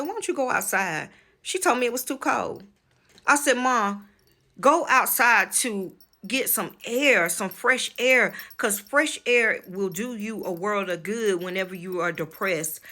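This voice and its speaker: A woman's voice: mid-range voice, pushed and bright. A married woman with children hosting a spiritual channel, telling a personal story in a casual vlog, frank and emphatic, speaking to viewers as y'all and swearing freely. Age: adult, married with children.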